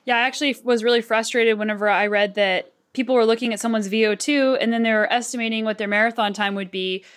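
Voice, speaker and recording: A woman's voice: fairly high pitch, steady tone, fast, a bit bright, smooth. An American woman hosting an interview, chatting in an upbeat, enthusiastic way. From United States. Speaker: podcast host. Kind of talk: casual interview chat.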